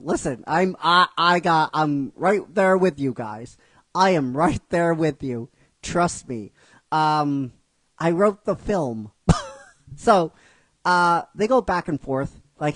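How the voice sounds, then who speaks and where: A man's voice: on the high side, slow pace, a bit bright, dry recording. A man telling and explaining the story of his own fan script in a casual, rhetorical way, repeating himself. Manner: rhetorical, keeps asking "right?", repeats himself.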